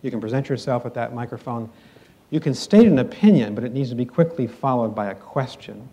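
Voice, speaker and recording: Mellow-voiced man moderating a panel. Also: mid-range voice, lively intonation. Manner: brisk, directive. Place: auditorium with audience.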